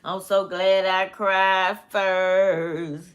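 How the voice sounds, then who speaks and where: A woman vlogger, talking slowly in a rambling monologue, repeating phrases and often breaking into laughter. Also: medium pitch, level tone.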